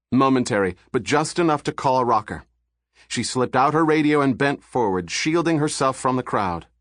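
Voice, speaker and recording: A man reading a thriller audiobook in steady, measured narration, recorded on a studio microphone. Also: mid-range voice, dry recording.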